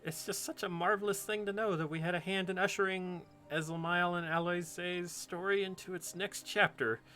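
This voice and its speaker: A man voicing an excitable little moogle creature with theatrical, old-fashioned exclamations. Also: high-pitched, normal speed, faint music behind. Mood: giddy.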